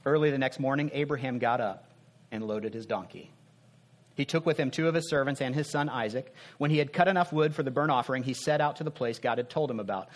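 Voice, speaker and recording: A male preacher with a middle-pitched voice gives a sermon in an easygoing, conversational way. He talks straight to his listeners with rhetorical questions. His voice turns soft and earnest when he stresses a point. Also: quick pace. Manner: earnest, drops soft for emphasis.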